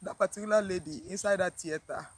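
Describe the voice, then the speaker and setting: A woman tells a personal story to her viewers, emotional and near tears, halting and repeating herself with sighs. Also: fairly low pitch, breathy edge, rough recording. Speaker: vlogger.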